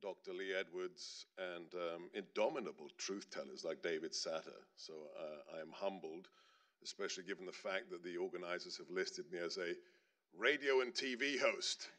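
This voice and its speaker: Bright-voiced middle-aged man giving an earnest speech. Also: deep voice, moderate pace. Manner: earnest storytelling with emphatic rises. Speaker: panelist speaker. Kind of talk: personal speech at a panel. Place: stage at a panel event.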